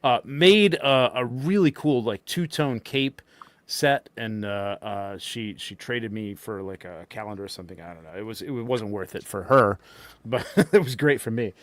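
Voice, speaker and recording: A man's voice: fairly low pitch, moderate pace, no room sound. A man co-hosting a podcast, telling a convention story in casual chat, rambling and laughing as he acts out quotes. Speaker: podcast co-host.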